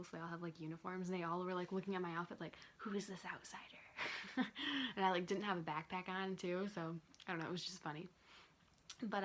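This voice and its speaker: A woman's voice: on the low side, slight background noise. A young woman chatting casually to her phone camera from her bed, rambling and drifting off topic, chewing gum as she talks. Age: young adult. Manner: chewing gum while talking. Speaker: vlogger. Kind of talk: casual chat. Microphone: handheld phone camera.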